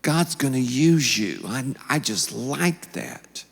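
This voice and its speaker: A man voicing a gentle, encouraging older Southern mother with a Mississippi accent, soft and near-whispered, in a sermon. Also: medium pitch, animated, takes it slowly, vocal fry, slightly rough, voice pushed down, exaggerated voice. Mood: tender. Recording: long reverb from the hall.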